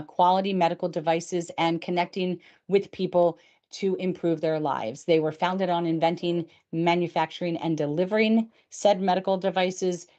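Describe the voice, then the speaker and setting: A woman's voice: lowish voice, darkish tone. A woman in her fifties hosting a show, talking in a chatty, upbeat way. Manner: chatty and upbeat, with frequent fillers. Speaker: host. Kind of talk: casual chat.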